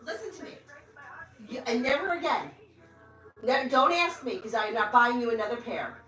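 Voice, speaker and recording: A woman's voice: a little high, normal speed, pushed and bright, rough recording. A woman hosting a tarot reading livestream, talking in a blunt, exasperated, casual way with some swearing. She is a mother. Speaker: tarot reader and livestream host.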